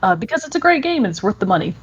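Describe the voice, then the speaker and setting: A woman's voice: fairly high pitch, very animated, racing, husky. A woman co-hosting a podcast, chatting enthusiastically about video games with many fillers. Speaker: podcast co-host. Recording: dull lo-fi audio.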